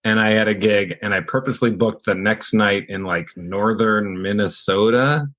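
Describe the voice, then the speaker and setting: A man's voice: fairly low pitch, normal speed, fairly bright tone. Rambling male comedian telling road stories. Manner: rambling, self-deprecating storyteller. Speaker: guest comedian. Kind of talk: casual chat, storytelling.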